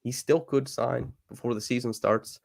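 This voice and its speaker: A man's voice: mid-range voice, steady tone, vocal fry, a little mellow, dry recording. A man hosting a live podcast, giving an eager, detailed basketball breakdown full of casual fillers. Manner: fast, enthusiastic breakdown with fillers. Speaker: podcast host. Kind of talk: casual basketball analysis chat.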